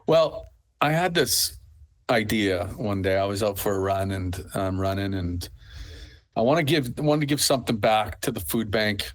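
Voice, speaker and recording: A man's voice: lowish voice, expressive, normal speed. A middle-aged man from Canada, a festival owner being interviewed, who rambles through his stories and leans on fillers. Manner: rambling storyteller, full of fillers. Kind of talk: conversational interview.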